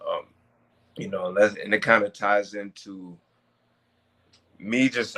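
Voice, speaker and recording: A man's voice: on the low side, moderate pace, long pauses, bright, forceful tone. A man in his twenties, a professional wrestler being interviewed, talking casually and stressing words for emphasis.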